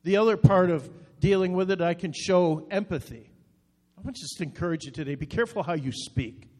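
Brief: male pastor, high voice, earnest sermon delivery with repeated short appeals, long reverb on the voice. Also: a little fast, darkish tone.

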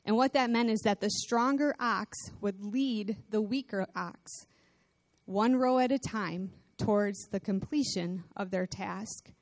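A woman's voice: mid-range voice, a little slow, no echo. A woman pastor delivering a conversational sermon, telling personal stories with laughing asides.

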